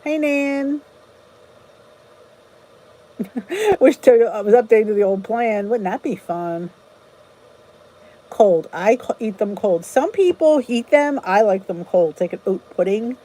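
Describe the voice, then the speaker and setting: Slow and often pausing, this channel host has a warm, expressive voice on the high side. She greets livestream viewers by name and rambles chattily through their comments, frequently restarting, over a rough recording.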